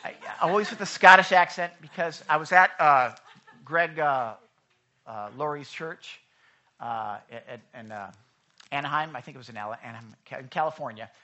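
Male pastor, emphatic and conversational sermon, bright tone, muffled lo-fi church recording. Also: a little high, expressive, moderate pace. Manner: conversational, emphatic preaching with asides to the congregation. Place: church sanctuary.

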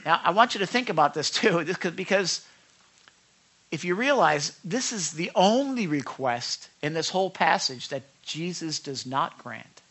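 Here a pastor with a voice on the high side talks at normal speed through a chatty sermon. Questions go out to the congregation, and he performs quoted lines with animated voices.

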